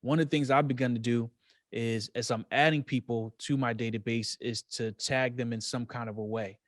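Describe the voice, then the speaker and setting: A man co-hosting a casual podcast, explaining things in a measured way and thinking aloud with plenty of fillers. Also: medium pitch, steady tone, no room sound, clean studio sound. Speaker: podcast co-host. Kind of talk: casual real estate podcast chat.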